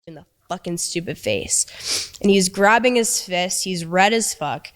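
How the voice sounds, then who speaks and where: A young woman recounting a frightening relationship in a halting way, with many restarts and quoted lines. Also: on the low side, lively intonation. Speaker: interviewee recounting abuse. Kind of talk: emotional storytelling.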